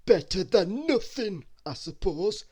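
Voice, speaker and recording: Greedy storybook character, high voice, slow and drawn out, swooping pitch. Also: male voice, big pitch swings, dark tone, husky, heavily acted. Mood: smug, greedy. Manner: slow, drawn-out, savouring words. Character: greedy, gleeful Mr. Greedy, round male storybook character.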